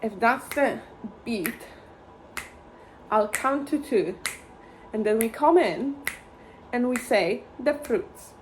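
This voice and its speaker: A woman gives a violin lesson in a slightly high voice, speaking slowly and patiently. She chants simple fruit words to count out the rhythms. Faint room noise sits behind her. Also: animated. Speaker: violin teacher.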